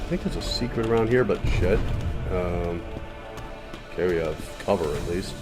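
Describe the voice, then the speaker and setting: A man's voice: moderate pace, music in the background. A man streaming a video game, muttering casual commentary with frequent swearing. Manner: muttering, swearing, low-key.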